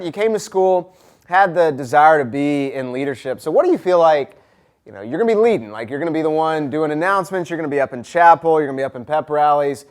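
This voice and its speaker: A man hosting a school podcast, upbeat and chatty and quick to laugh. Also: on the high side, fairly bright tone. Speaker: school ministry director and podcast host. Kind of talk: casual interview.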